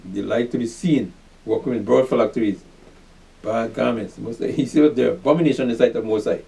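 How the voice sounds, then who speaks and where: A man's voice: mid-range voice, fairly quick, creaky, dark tone, far from the mic, rough recording. A man teaching scripture in a fiery sermon style, asking questions and answering them himself, and telling listeners again and again to pay attention. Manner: repeats "pay attention", asks and answers his own questions. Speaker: preacher teaching a class.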